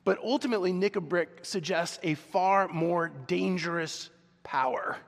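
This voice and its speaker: Pastor guy preaching, kinda high voice, earnest and chatty, big echoey church. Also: unhurried, gravelly. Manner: earnest, conversational, with fillers. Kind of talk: sermon. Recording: long reverb in large hall.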